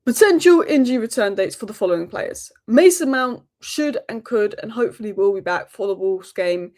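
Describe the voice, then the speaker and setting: A woman hosting a daily football news roundup, talking rapid-fire and opinionated. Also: medium pitch, animated, darkish tone. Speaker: football channel host.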